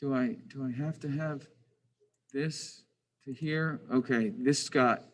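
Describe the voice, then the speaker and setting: A man speaks at a medium, steady pitch and a slow pace, recorded with poor audio quality. He teaches a drafting lesson over a screen recording, thinking out loud, restarting often, questioning himself, and grumbling in frustrated, self-deprecating asides.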